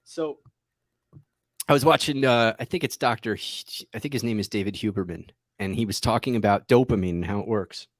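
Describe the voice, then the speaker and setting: Rambling, self-mocking trading show host. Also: male voice, fairly low pitch, a little fast, no room sound. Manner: rambling, joking at himself, laughs often. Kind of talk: casual livestream chat. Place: office.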